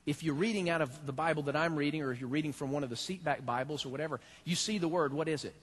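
A man preaching a sermon in a church, animated and talking straight to his congregation. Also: fairly high pitch, quick pace, breathy edge. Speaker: pastor.

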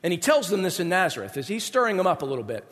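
A man preaching a lively sermon, acting out the voices of the people in the story with big swings in pitch. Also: very fast, long reverb tail. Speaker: pastor.

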